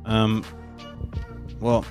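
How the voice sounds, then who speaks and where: A man's voice: fairly low pitch, monotone, extremely slow, a little mellow, faint music behind. A man co-hosting a casual podcast, laid-back and goofy, often laughing. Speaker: podcast co-host. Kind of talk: casual chat.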